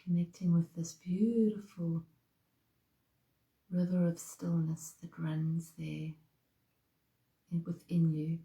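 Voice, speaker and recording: A woman leading a slow guided breathing meditation in a soft, calm voice. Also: fairly low pitch, gravelly, reverberant, low-quality recording. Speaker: meditation teacher.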